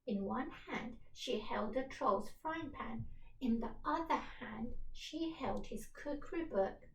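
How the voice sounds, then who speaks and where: A woman teacher reading a storybook aloud for young children, slowly, clearly and expressively. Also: a little high. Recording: echoey room, distant from the mic.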